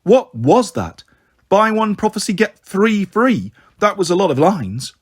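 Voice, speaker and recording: A man's voice: high voice, big pitch swings, measured pace, breathy edge, voice pushed up, exaggerated voice. A man doing a brash teenage mechanic. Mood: incredulous.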